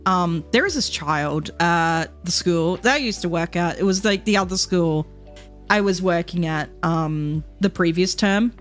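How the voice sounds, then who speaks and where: A woman's voice: on the low side, a little slow, soft background music. A woman, telling rambling stories in a casual chat with her viewers, swearing freely and laughing often. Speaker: VTuber streamer.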